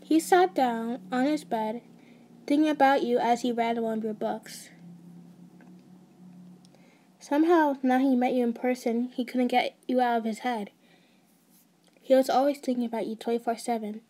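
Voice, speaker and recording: A woman's voice: a little high, steady tone, normal speed, dark tone. A woman narrating an ASMR fan story in a casual way, with restarts and side notes.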